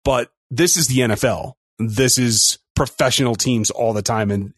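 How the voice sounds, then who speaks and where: A man co-hosting a sports podcast, talking through a game in an upbeat, quick, casual way. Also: mid-range voice, a bit bright, no echo, studio quality. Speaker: podcast co-host.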